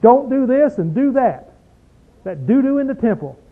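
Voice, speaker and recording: A man preaching a sermon and reading scripture. He talks emphatically and folksily, asks the listeners lots of rhetorical questions, and slows right down to stress a verse. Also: extremely high pitch, very animated, phone-quality sound.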